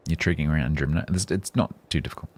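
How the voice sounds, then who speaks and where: Male streamer, very low voice, rambling self-mocking banter into a desk mic. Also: rapid-fire, dry recording. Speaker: game streamer. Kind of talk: casual live-stream chat.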